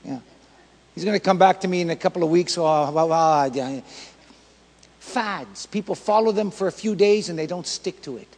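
A male pastor preaching a sermon in an emphatic, repetitive way that builds to shouts. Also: high voice, fairly quick, big-room sound, poor audio.

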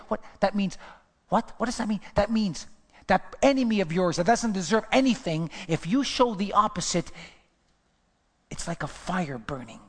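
A male pastor preaching with emphatic, repeated exhortations in a slightly higher voice. The sermon rings out with a long reverb in the church. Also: lively intonation, normal speed.

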